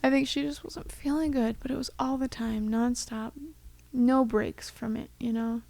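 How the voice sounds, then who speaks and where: A young woman co-hosting a podcast chats casually in a loose, rambling way, dropping plenty of fillers and "like"s. Her slightly high, mellow voice carries gravelly vocal fry and a steady tone at a moderate pace, sounding tender and close to tears. The recording is dry and close, with almost no room sound and no echo.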